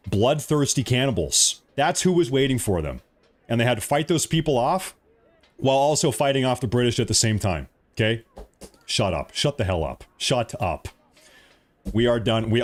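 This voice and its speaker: An American man hosting a live stream, ranting emphatically and repeating himself. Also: mid-range voice. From United States. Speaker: livestream host. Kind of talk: heated live-stream commentary.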